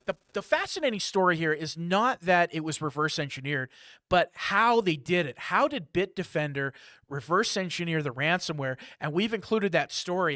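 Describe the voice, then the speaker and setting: A man with a fairly high voice hosts a live security news briefing. He talks in a lively, chatty way, dropping asides and jokes between items. The sound is dry and close, with no room around it. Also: no echo.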